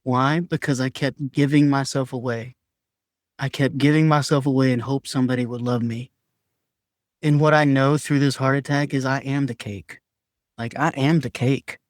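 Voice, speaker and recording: A man's voice: mid-range voice, steady tone, normal speed, no room sound, clean studio sound. A man talking candidly as a podcast guest, earnest and emphatic, sometimes acting out his own past words in a raised voice. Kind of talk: candid conversational sharing.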